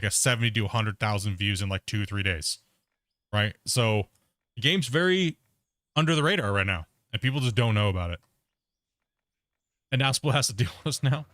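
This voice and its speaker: A man chatting casually on his live gaming stream rambles easily, laughs at himself, and keeps saying "bro" and "you know what I mean." His voice is medium-pitched and a bit bright, with studio-quality audio and no room sound.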